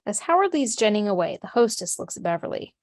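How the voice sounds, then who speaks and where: A woman narrating the stage directions of a script in a steady, matter-of-fact way. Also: mid-range voice, quick pace, no echo, clean studio sound.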